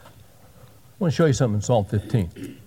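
A man's voice: medium pitch, expressive, fairly quick, mellow, breathy edge, in a large hall. A pastor in his sixties giving a sermon with folksy, joking asides. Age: 60s.

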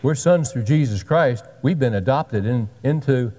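A man's voice: medium pitch, lively intonation, unhurried, mellow, in a large hall. A pastor in his sixties giving a sermon with folksy, joking asides. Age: 60s.

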